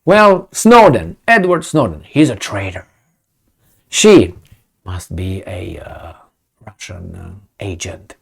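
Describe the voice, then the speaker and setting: A man's voice: low voice, animated, takes it slowly, creaky, slightly rough. A man giving casual solo commentary, talking in a conversational, digressive way and asking questions as he goes.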